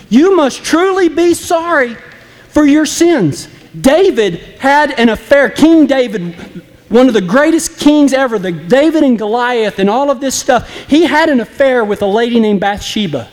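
A man's voice: very high-pitched, big pitch swings, unhurried, darkish tone, in a large hall. A man preaching an impassioned, folksy sermon that speaks straight to the congregation. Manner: impassioned, folksy and direct, acting out flippant apologies.

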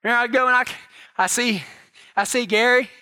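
A man with a notably high, bright voice preaches a homespun sermon to a ranching congregation. He talks like a cowboy pastor, with a folksy drawl and plain ranch talk. His delivery swings from quiet, earnest asides to loud, animated bursts. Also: moderate pace, clear, resonant tone.

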